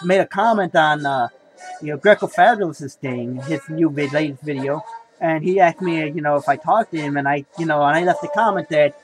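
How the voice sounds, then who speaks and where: A man's voice: fairly high pitch, fairly quick, faint music behind, low-quality recording. A young man in casual video chat, rambling about signed comics, repeating himself and saying "folks" and "you know" a lot. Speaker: comic collector vlogger. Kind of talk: casual haul video talk.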